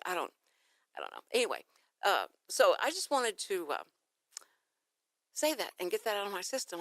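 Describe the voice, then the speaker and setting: A woman from Texas with a Texan accent, hosting a morning radio talk show and telling a story in a lively, chatty way. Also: medium pitch, no room sound, studio quality. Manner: animated storytelling, acting out phone calls. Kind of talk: casual radio chat. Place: radio studio.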